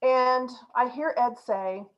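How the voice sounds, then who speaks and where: A woman coach tells a story to a group in an animated, lively way, laughing as she talks. Her voice sits a little high. The recording is muffled and lo-fi. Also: slow pace. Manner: animated, laughs while telling. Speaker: agile coach.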